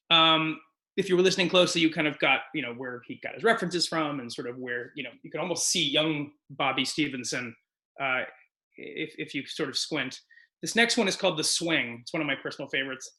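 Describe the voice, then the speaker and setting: A man giving a deadpan comedic poetry reading over a video call, reciting in a mock-solemn, theatrical way. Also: fairly high pitch, fairly quick. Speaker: guest performer.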